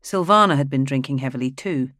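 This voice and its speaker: Steady fantasy audiobook narrator, dry sound. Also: medium pitch, fairly quick, no room sound.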